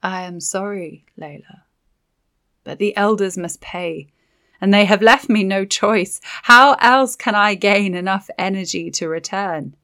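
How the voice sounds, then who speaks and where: A woman voicing a vengeful, sorrowful ancient witch spirit in an audiobook, speaking slowly and coldly. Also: mid-range voice, pushed and bright. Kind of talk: audiobook character voice.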